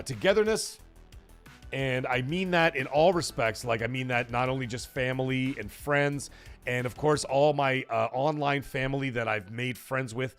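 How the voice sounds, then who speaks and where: A man hosting a live gaming talk show, chatting casually and thanking viewers from chat in a rambling, animated way. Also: medium pitch, creaky. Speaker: livestream talk show host.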